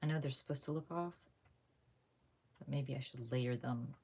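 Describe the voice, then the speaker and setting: A chatty woman hosts a live craft stream from home, talking to viewers as she works. Her voice sits low, but it jumps up when she gets excited, and she laughs often. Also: moderate pace, breathy edge. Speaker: craft channel host. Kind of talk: casual live-stream chat while crafting.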